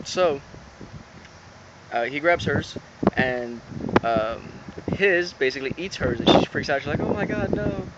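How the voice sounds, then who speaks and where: Rambling man recapping an episode. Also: mid-range voice. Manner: rambling, with many fillers and retold quotes. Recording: dull lo-fi sound with background noise.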